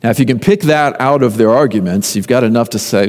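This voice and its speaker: A man preaching a sermon, retelling a story conversationally with emphatic lists and pauses. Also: mid-range voice, lively intonation, a little mellow. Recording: long reverb of a large hall.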